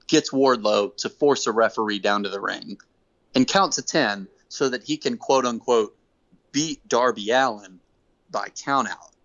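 A man hosting a casual chat, an animated storyteller who acts out quotes. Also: on the low side. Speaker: podcast host. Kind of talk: casual wrestling recap chat. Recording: dull lo-fi recording.

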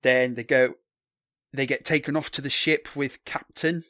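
A man's voice: medium pitch, fairly even intonation, a little slow, bright, forceful tone, no room sound, clean studio sound. A man casually recapping a film on a podcast, joking and swearing with many ums. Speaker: podcast co-host.

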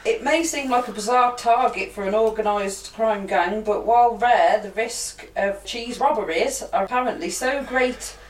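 A woman's voice: a little high, moderate pace, few pauses, a little hiss or hum. A woman co-hosting a casual podcast, reading news stories out with dry, teasing asides. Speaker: podcast co-host. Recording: echoey room, mic at a distance.

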